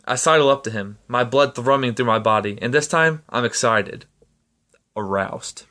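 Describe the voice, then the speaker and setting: A man reading a novel aloud at a steady pace, sometimes stumbling and restarting a line. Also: mid-range voice, normal speed. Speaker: reader.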